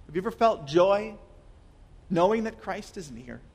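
Earnest high-voiced man preaching. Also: expressive, moderate pace, slightly rough. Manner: earnest, repeats words, asks rhetorical questions; shifts between loud emphasis and soft near-whispers. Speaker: pastor. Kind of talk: sermon.

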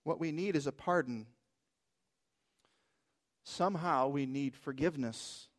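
A man's voice: on the high side, measured pace. A man preaching a sermon as pastor, emphatic and asking rhetorical questions.

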